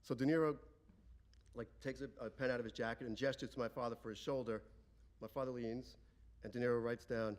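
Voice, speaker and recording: A man tells a comic family story live before an audience. His delivery is animated and playful. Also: medium pitch, brisk.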